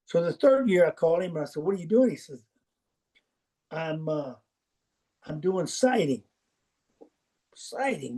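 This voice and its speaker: A man's voice: on the high side, expressive, normal speed, dark tone. An older man, a football coach as podcast guest, telling folksy anecdotes and acting out the dialogue in them. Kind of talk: storytelling interview.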